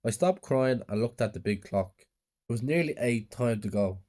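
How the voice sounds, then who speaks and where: Mellow-voiced man reading a horror story. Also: mid-range voice, expressive, moderate pace. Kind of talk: scripted horror story narration.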